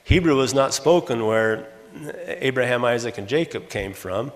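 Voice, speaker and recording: A man's voice: medium pitch, lively intonation, moderate pace. An older man from Los Angeles giving an academic conference lecture, explaining by example and often correcting himself mid-sentence. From Los Angeles, USA. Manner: explanatory, works through examples, frequent self-corrections. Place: conference hall. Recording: long reverb of a conference hall.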